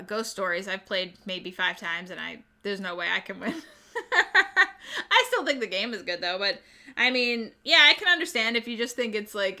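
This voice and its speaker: A woman's voice: medium pitch, pushed and bright. A woman hosting a board game channel, chatting casually and rambling a little as she shows new games and answers viewers' chat.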